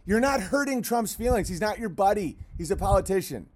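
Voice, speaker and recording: A man with a high-pitched voice hosts a livestream in a loose, rambling rant. He swears freely and jumps from point to point, and he breaks off now and then to shout at barking dogs. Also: lively intonation, brisk. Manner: rambling, profane, cuts off to yell at barking dogs. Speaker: livestream host.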